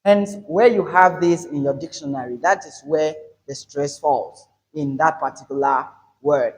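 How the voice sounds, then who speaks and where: Slow, careful man teaching English. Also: on the high side, low-quality recording. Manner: explains slowly and repeats points. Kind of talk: pronunciation lesson.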